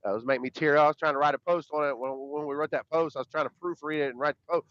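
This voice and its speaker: A man's voice: fairly high pitch, fairly even intonation, rapid-fire, a bit bright, dry recording. Rambling man, profane and emphatic. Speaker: podcast co-host. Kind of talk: casual podcast chat. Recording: dull, dry lo-fi sound.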